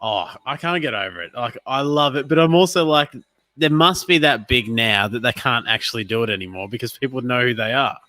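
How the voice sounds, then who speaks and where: A man's voice: medium pitch, lively intonation, fairly quick, sharp tone, dry recording. Chatty man, dry sound. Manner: chatty, jokey, easygoing. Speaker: livestream co-host. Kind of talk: casual chat.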